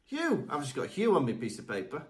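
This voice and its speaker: Fast and sing-song, with a medium pitch and a somewhat dark tone, this man co-hosts a podcast. He keeps the casual chat upbeat, slips in teasing suggestions, and reads the outro of the show.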